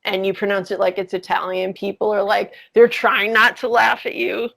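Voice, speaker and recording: A woman's voice: medium pitch, little pitch movement, moderate pace, vocal fry, fairly bright tone, rough recording. A woman, a writer and podcast guest, talking bluntly in casual chat and swearing freely.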